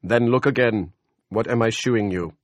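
A man voicing God in an audiobook, loud, slow and solemn, with old-fashioned speech. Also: fairly low pitch, dry recording, studio quality, voice pushed up, natural voice. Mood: commanding. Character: booming scolding male voice of God. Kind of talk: audiobook character voice.

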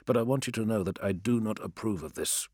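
A man's voice: lowish voice, fairly quick, darkish tone, no room sound, clean studio sound, lightly acted. A man voicing a stern male apothecary warrior who speaks in a grave, clipped and disapproving way, in an audiobook.

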